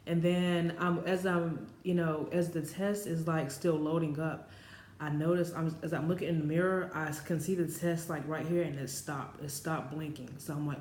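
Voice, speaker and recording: A woman's voice: sits low, fairly even intonation, moderate pace, a little mellow. Twenty-something woman vlogging, chatty and rambly, lots of "like" and "um", roomy echo. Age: 20s. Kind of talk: casual storytelling to camera. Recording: roomy echo with faint background noise.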